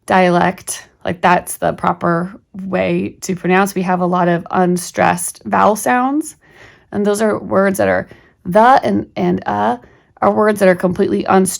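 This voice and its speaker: A woman's voice: on the low side, gravelly. A middle-aged woman talking casually through a reading primer as a homeschool channel host, rambling with many fillers and restarts.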